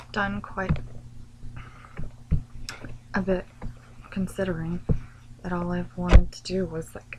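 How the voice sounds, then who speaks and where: A woman's voice: medium pitch, background noise. Rambling woman vlogger chatting at home. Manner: rambling, easily distracted, laughs often. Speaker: cross-stitch vlogger. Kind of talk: casual rambling vlog chat. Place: home room.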